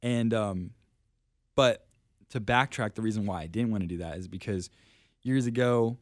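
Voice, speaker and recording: A young man with a fairly low voice talks casually on a podcast. He tells personal stories in a self-deprecating way, laughing as he goes. The sound is dry and close. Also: moderate pace, no room sound. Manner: self-deprecating, laughs often, lots of fillers. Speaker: podcast guest. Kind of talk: casual storytelling chat.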